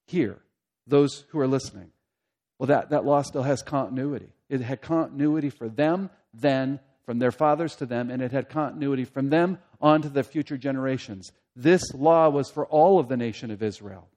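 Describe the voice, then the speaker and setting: A man's voice: fairly high pitch, darkish tone. A man preaching an expository sermon, earnest and repeating key phrases for emphasis.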